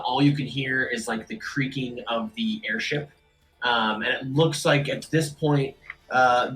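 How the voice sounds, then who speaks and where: A man running a tabletop game as game master, narrating casually with many pauses and fillers. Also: mid-range voice, a bit bright, poor audio.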